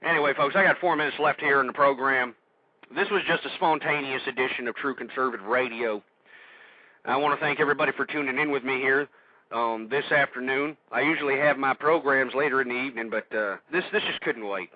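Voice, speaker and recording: A man hosting a radio show, ranting angrily and shouting insults at his listeners. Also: medium pitch, fairly quick, no echo, dull audio. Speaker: radio host. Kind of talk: angry political rant.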